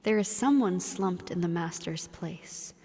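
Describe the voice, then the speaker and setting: A woman co-hosting a let's play, reading the game narration aloud in an even, measured way with casual asides. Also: lowish voice, slightly rough, in a large hall.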